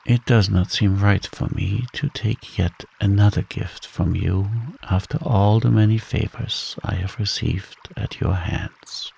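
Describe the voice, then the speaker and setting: A man voicing an earnest, dutiful young fisherman in a calm, slow bedtime story reading. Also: on the low side, vocal fry, a little hiss or hum. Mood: humble.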